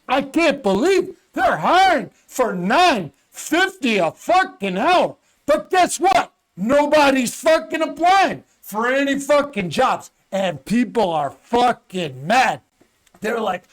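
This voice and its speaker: Shouting, swearing comedian on a rant. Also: male voice, extremely high pitch, big pitch swings, takes it slowly. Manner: loud, profanity-laden, shouting. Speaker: guest comedian. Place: studio.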